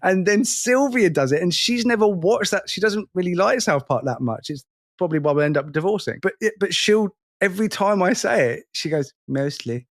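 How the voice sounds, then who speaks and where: A man's voice: sits high, expressive, fairly quick. A man in his forties co-hosting a podcast, chatting casually and rambling in a self-mocking way, often restarting his sentences. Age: 40s. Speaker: podcast co-host. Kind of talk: casual chat.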